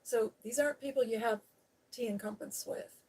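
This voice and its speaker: A woman's voice: fairly high pitch, normal speed, darkish tone, husky. Woman, live-stream host, casual chat, frank and rambling, peppers talk with "you know". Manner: laughs while talking.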